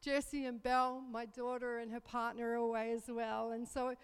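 A woman's voice: on the high side, moderate pace, clean tone. A woman in her fifties telling a self-mocking story in a chatty church talk. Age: 50s. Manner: chatty, self-mocking, animated when recounting panic. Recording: reverberant hall.

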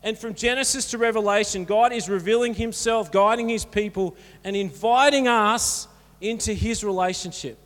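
A man's voice: sits high, moderate pace, a bit bright. A man preaching a sermon as pastor, earnest and encouraging in a conversational way. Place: church hall. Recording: church hall reverb.

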